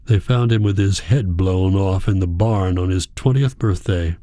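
Low, mellow-voiced male narrator. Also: moderate pace, dry recording. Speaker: audiobook narrator. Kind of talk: scripted first-person narration.

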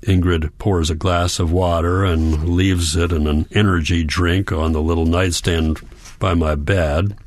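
Audiobook narrator, man, low voice, measured reflective first-person read, dry close sound. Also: steady tone, a little mellow, no room sound.

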